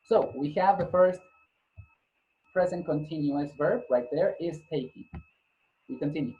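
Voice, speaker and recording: A man's voice: fairly high pitch, measured pace, phone-quality sound. A male English teacher giving a grammar lesson, patiently repeating points, spelling out letters and correcting himself as he goes. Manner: corrects himself mid-sentence.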